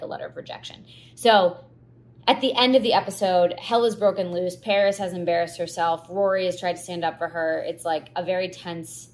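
A woman's voice: fairly low pitch, a little hiss or hum. A woman hosting her own podcast in a casual, chatty solo talk, full of "like" and restarts, getting teary as she tells it. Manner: chatty, filler-heavy, gets teary and laughs at herself. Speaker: podcast host.

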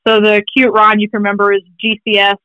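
A woman, a critical care pharmacist, explains clinical topics in an interview, brisk and peppered with wry jokes. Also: medium pitch, monotone, no echo, dull audio. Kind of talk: teaching interview talk.

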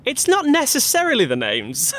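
A man's voice: very high voice, wildly swooping pitch, moderate pace, a bit bright. Wry, skeptical male podcast co-host. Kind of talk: casual chat.

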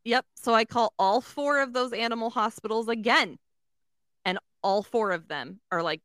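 Bright-voiced woman ranting a story, lots of "like" and swearing, does little voices for people. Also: a little high, normal speed, smooth, no room sound, studio quality. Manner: swears a lot, fills with "like", acts out voices. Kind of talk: casual chat.

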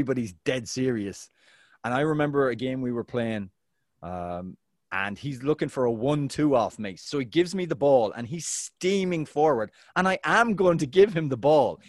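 A man co-hosts a casual football chat, telling his stories with big jumps in pitch. His voice sits at a middle pitch. The recording is dry and close, with no room sound. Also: no echo. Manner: animated storyteller, big pitch swings. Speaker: podcast co-host.

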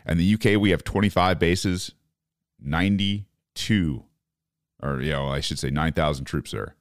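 A man's voice: low-pitched, normal speed, no room sound, clean studio sound. A man hosting a political podcast, ranting in profane disbelief about current events. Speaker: podcast host. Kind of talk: opinionated political commentary.

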